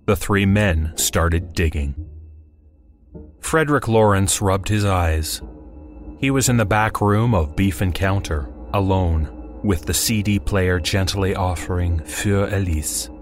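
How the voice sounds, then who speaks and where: A man's voice: low-pitched, slow, soft background music. A man narrating a horror story in a dry, wry storytelling manner.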